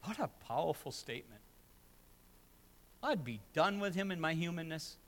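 A man's voice: a little high, lively intonation, normal speed. A man preaching a sermon as pastor, emphatic and building with repeated phrases, in a church sanctuary. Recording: long hall reverb.

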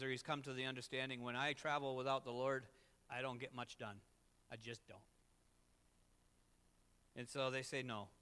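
Pastor, man, slightly high voice, animated sermon storyteller, echoing church hall. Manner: animated storytelling preaching, swinging from loud excitement to quiet emphasis.

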